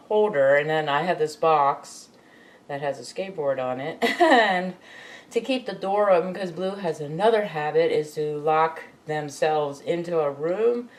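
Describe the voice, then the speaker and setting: This crafting vlogger has a deep, somewhat mellow voice. She's in a room at home repairing her computer, musing aloud to herself in a meandering way and chuckling as she goes.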